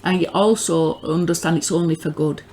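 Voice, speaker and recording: A northern English woman with a fairly low voice gives a loose, unscripted religious teaching. She rambles and circles back, stumbling over words and repeating herself as her enthusiasm builds. A faint hiss sits under her voice. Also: normal speed. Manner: earnest, grows excited. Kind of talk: informal spoken teaching.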